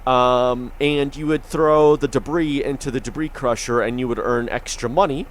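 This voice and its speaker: A man's voice: mid-range voice, fairly even intonation, normal speed. A man giving rambling, easygoing commentary while playing a farming video game, with frequent ums and the hiccups. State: has the hiccups. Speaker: gaming YouTuber. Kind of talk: casual gameplay commentary.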